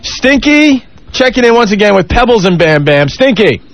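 Male radio host; slangy, jokey, quick to toss to callers, high voice. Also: sing-song. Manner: joking, slangy, tosses to callers. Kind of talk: radio banter with call-ins.

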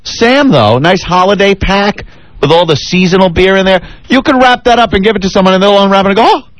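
A man's voice: high-pitched, no echo. A man co-hosting a radio show, bantering sarcastically and reading a live beer ad in a loose, talky way. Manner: animated, sarcastic, drawn-out emphasis. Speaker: radio co-host.

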